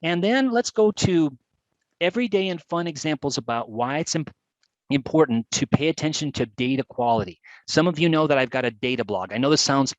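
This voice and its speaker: A man presenting a live webcast, talking through examples with chatty enthusiasm and lively emphasis. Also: mid-range voice, normal speed, dry recording, rough recording.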